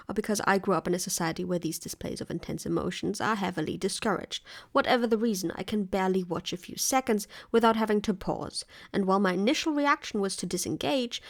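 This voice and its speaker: Woman doing a scripted video essay, analytical, kinda wry. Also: medium pitch.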